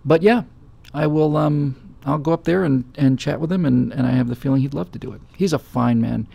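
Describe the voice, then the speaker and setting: Male host, middle-aged, very gravelly and husky, casual rambling chat. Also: a little high, fairly quick, mellow. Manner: rambling storytelling with many fillers. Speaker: show host. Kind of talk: casual talk-show chat.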